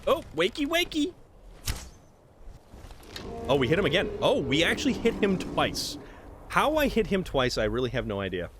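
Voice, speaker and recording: Over a noisy background, a man talks a little fast while live-streaming a game, chatting casually with viewers and reacting to the action on screen. His commentary is animated, his pitch jumping into sudden high exclamations.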